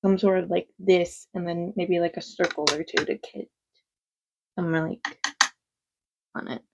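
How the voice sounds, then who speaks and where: A woman's voice: lowish voice, fairly even intonation, a little slow, creaky, lo-fi sound, background noise. A woman chatting casually through a makeup tutorial at home, rambling and frank, with some swearing. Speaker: makeup vlogger. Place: quiet home.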